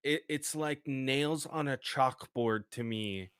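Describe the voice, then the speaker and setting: A man's voice: mid-range voice, slow pace, a bit bright, clear, resonant tone, no echo, clean studio sound. A man chatting casually about games as a podcast panelist, often repeating words as he restarts. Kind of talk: casual gaming chat.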